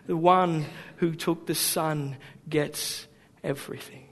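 A man voicing a persistent, calm auctioneer inside a sermon story. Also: a little high, slow, voice pushed down. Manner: insistent, urging bids. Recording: long hall reverb.

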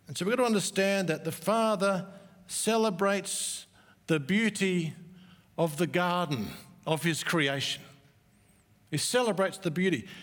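High-voiced pastor preaching in a hall. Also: male voice. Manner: earnest, slow emphatic stresses with warm asides. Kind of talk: sermon. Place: church auditorium. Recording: echoey church hall.

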